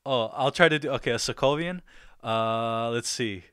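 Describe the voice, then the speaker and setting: A man's voice: mid-range voice, moderate pace, fairly bright tone, smooth, no echo, studio quality. A man hosting a casual livestream, talking easily with viewers, laughing often and speaking loosely with fillers and restarts. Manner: laughs often, easygoing and upbeat. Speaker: livestream host.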